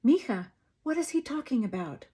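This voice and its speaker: A woman's voice: on the high side, very animated, moderate pace, dark tone, husky, voice pushed up. A woman voicing an anxious Mexican father who speaks urgently to protect his daughter. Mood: worried.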